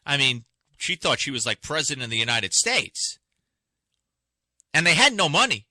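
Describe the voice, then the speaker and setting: A man's voice: a little high, sing-song, moderate pace, bright, forceful tone, no echo. A man hosting a talk radio show, delivering an impassioned, indignant monologue full of rhetorical questions from a radio studio. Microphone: studio microphone.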